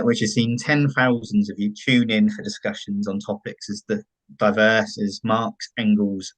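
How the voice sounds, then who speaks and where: A man's voice: lowish voice, no echo, low-quality recording. A man with a West Country accent hosting an online forum, introducing it in a chatty way with fillers and self-corrections. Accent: West Country English. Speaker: host.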